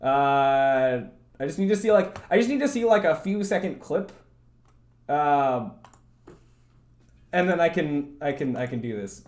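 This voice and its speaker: Rambling young man streaming, higher voice. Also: animated, a little slow, pauses often, darkish tone. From Canada. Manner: rambling, stammering, many fillers. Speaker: livestreamer. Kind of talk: casual rambling chat.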